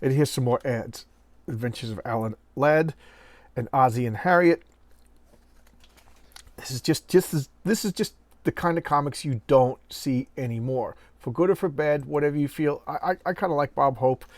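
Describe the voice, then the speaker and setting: A man's voice: medium pitch, moderate pace, dry recording. A middle-aged man casually talking through an old comic book, acting out dialogue in little bursts and correcting himself as he goes. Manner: chatty, acts out comic dialogue in bits, self-correcting. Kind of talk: casual show-and-tell chat.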